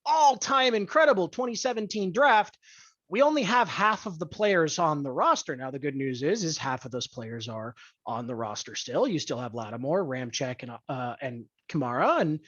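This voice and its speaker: A podcast host in a profane sports rant, angry, crude and blunt, stressing key words with deliberate emphasis. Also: mid-range voice, animated, a bit bright, no echo. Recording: dull lo-fi dry recording.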